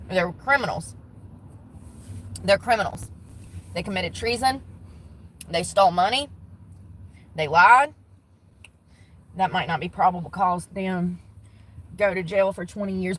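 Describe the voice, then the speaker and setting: A woman's voice: fairly low pitch, fairly bright tone, low-quality recording. A woman vlogging from inside a car, ranting bluntly with lots of swearing. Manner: profane, blunt, exasperated ranting. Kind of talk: casual ranting vlog.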